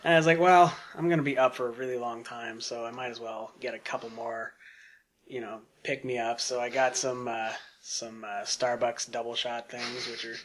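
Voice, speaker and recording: Bright-voiced man telling a rambling story. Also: mid-range voice, flat delivery, moderate pace. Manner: rambling, many fillers and asides. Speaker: podcast guest. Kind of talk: casual storytelling.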